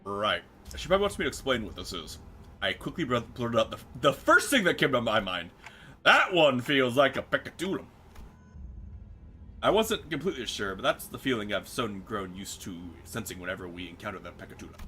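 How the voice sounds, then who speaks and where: A man's voice: medium pitch, very animated, brisk, pushed and bright, slight background noise. A man streaming a story game, reading its text aloud and joking around with casual swearing.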